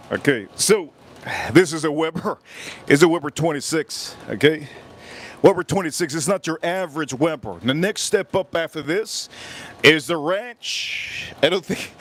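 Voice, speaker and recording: A man hosting a live cooking stream outdoors at a grill, chatting in a rambling, joking way that breaks into shouted bits. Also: on the high side. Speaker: livestream cooking host.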